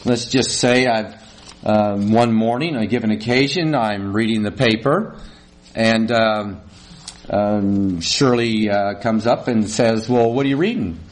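A man's voice: on the low side, slow. A middle-aged male pastor gives a conversational sermon, asks the congregation questions and acts out small quarrels.

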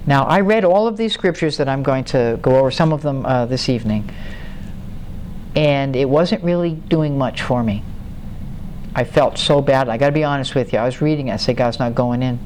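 A woman pastor preaching a confessional sermon, emotional and halting, her voice swinging high and low. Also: darkish tone, slight background noise. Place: church.

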